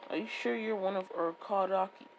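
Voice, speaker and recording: A woman voicing a cocky, scornful boy rival who speaks in a quiet, dismissive way. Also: mid-range voice, fairly even intonation, normal speed, a little hiss or hum, lightly acted, low-quality recording.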